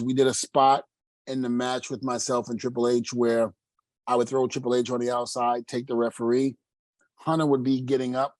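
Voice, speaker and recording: A middle-aged man, a retired wrestler guesting on an interview, tells stories with animated energy, acting out the back-and-forth of the people involved. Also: medium pitch, no room sound. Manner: animated storyteller who acts out quoted dialogue, with laughs. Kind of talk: storytelling in an interview.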